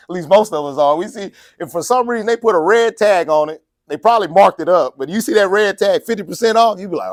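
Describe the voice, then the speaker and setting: A man's voice: high-pitched, brisk, no room sound, studio quality. A man preaching a casual, joking sermon, laughing often and acting out the people in his story. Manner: folksy and joking, laughs often, acts out quotes. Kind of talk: conversational sermon.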